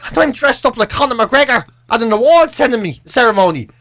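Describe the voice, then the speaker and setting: A middle-aged Dublin man co-hosts a casual radio chat. His voice sits high and sounds bright and forceful. He rambles through stories, swears freely and slips into silly voices for the people he quotes. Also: big pitch swings, quick pace. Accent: Irish, Dublin. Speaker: radio show co-host.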